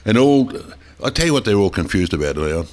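An older Australian man with a low-pitched voice, holding forth in blunt, emphatic, rambling talk. He speaks as a regular guest in loose radio banter and keeps circling back to his point. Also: big pitch swings, a little fast, darkish tone.

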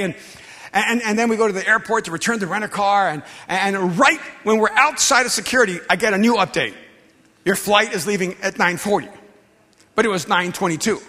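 A middle-aged male pastor preaching a sermon through personal stories, swinging from hushed confession to shouting. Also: high voice, normal speed. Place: large church gathering hall. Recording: long reverb of a big hall.

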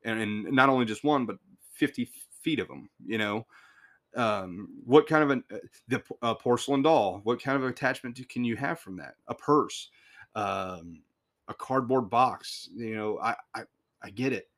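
A man's voice: medium pitch, normal speed, a bit bright. A man hosting a podcast, telling a work story in a casual, rambling way with swearing, restarts and chuckles.

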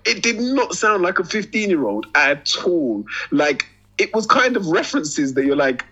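A man's voice: high-pitched, moderate pace, husky, muffled recording. A man co-hosting a podcast in casual chat, telling stories with laughter and swearing. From Britain. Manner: animated, swearing, laughing storyteller. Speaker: podcast co-host.

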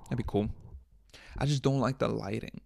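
A young man hosting a casual solo podcast, rambling and swearing with jokes, often coughing and clearing his throat into a close microphone. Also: medium pitch, steady tone, normal speed, no echo. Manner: rambling, profane, jokey, drifts between loud bits and mumbling. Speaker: podcast host. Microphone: studio microphone up close.

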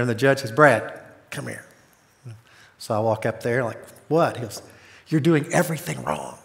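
A man's voice: mid-range voice, fairly bright tone. A man in his fifties giving an earnest, conversational sermon to a church, telling personal stories about his marriage. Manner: earnest, storytelling, speeds up in anecdotes. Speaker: guest speaker on marriage. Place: church sanctuary. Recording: reverberant church hall.

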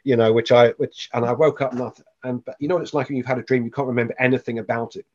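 A man's voice: medium pitch, steady tone, very fast, a little mellow, dull audio. A man, a podcast guest, tells a personal story with animation and acts out the voices of the people in it.

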